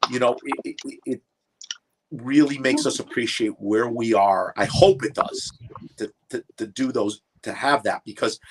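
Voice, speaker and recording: A man joins a casual livestream chat, often pausing and restarting his words as he thinks aloud. His voice sits at an ordinary middle pitch, with faint background noise underneath. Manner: halting, repeats words while searching for them. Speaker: panel guest.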